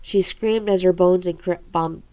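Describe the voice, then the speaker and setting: A woman reading her own novel aloud in a halting way, with stumbles and self-corrections. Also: lowish voice, fairly even intonation, warm tone, no echo.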